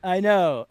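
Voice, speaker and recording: A man on a podcast casually retelling a TV episode, animated and laughing, acting out the characters' lines. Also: extremely high pitch, creaky. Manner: animated storytelling, laughing often, acting out quotes. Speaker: podcast host. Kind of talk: casual chat, recapping a TV episode.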